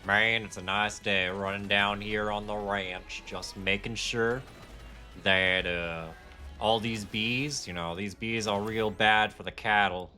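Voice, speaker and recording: A man voicing a southern cattle rancher in a slow, folksy drawl with a Southern US accent. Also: fairly low pitch, steady tone, bright, forceful tone, soft background music, exaggerated voice.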